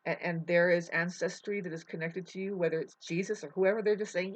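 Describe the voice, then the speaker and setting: A woman in a rambling spiritual monologue, emotional and swearing, drifting between soft musing and loud outbursts. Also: mid-range voice, brisk. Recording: dull lo-fi audio.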